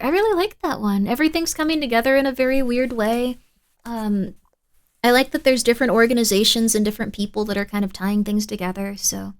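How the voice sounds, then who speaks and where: A woman streamer chats casually on a live stream in a fairly high voice. She rambles along with many fillers and restarts.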